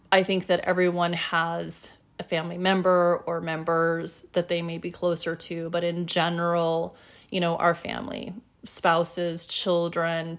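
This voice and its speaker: Middle-aged woman host, slightly low voice, chatty and upbeat, solo podcast monologue. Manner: chatty and upbeat, many fillers.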